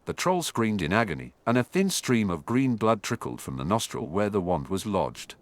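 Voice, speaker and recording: Man narrating a fantasy audiobook, lively. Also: lowish voice, moderate pace.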